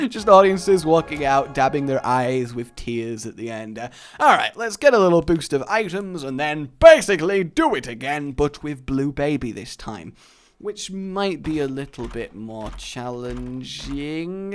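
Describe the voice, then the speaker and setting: A man's voice: mid-range voice, moderate pace. A young man giving joking let's play commentary, talking back to the game characters as he plays. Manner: joking, talks to game characters, lively swings in loudness. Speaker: gaming commentator.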